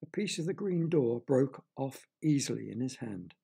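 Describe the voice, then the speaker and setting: A man narrating a children's audio story in a gentle, expressive reading manner. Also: mid-range voice, moderate pace, gravelly, breathy edge.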